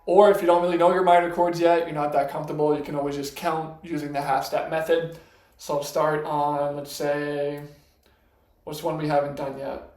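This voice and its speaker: A man's voice: on the high side, level tone, normal speed. Patient male piano teacher, echoey room. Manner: patient, explains step by step, counts out loud. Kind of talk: casual piano lesson. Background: piano notes between lines.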